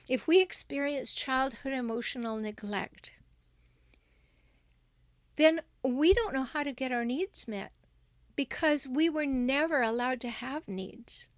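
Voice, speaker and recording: A middle-aged woman with a fairly high-pitched voice and no echo hosts a relationship advice livestream. She speaks emphatically and reads viewer comments aloud.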